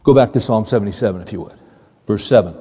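A man's voice: lowish voice, fast talker, slightly rough. Man preaching in a reverberant hall. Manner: conversational, animated preaching with repeated phrases and questions to the audience. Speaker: pastor. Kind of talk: sermon.

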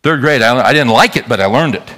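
A man preaching a sermon in a folksy, animated way, talking straight to his congregation. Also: medium pitch, a little fast. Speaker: pastor.

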